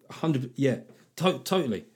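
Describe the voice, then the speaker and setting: A man hosting a podcast, asking questions in a casual, halting way with many restarts. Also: mid-range voice, lively intonation, darkish tone, breathy edge. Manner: halting restarts, laughs easily. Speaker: podcast host. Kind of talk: casual interview chat.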